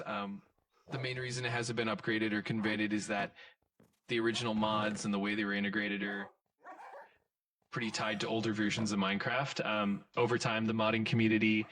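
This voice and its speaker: A man's voice: on the low side, fairly bright tone, far from the mic, a little hiss or hum. A synthetic male voice acting as an AI chat assistant, talking in an upbeat, agreeable and eager-to-help way. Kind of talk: conversational chat answers.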